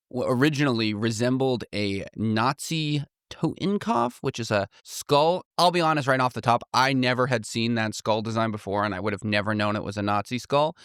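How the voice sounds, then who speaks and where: A man's voice: mid-range voice, fairly bright tone, dry recording, clean studio sound. A man co-hosting a casual political podcast, chatty and self-deprecating, laughing often. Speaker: podcast co-host.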